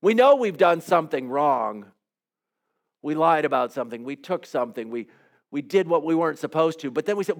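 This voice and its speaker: Casting: lively male pastor, fairly high voice, storytelling sermon. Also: fairly quick. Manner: storytelling, acts out quotes, rhetorical questions.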